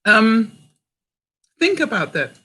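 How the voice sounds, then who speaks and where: A woman's voice: on the high side, sing-song, slow, pushed and bright, breathy edge. An older woman from Canada chatting in a livestream, reading viewer comments and coaching her audience with questions. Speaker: vlogger.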